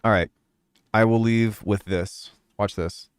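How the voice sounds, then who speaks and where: A young man talking loosely to his stream audience, meandering with lots of fillers. His mid-range voice is smooth and clear. The sound is close and dry, with no echo. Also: fairly low pitch, slow. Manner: relaxed, rambling, many fillers. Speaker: music producer streamer. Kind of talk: casual live-stream chat.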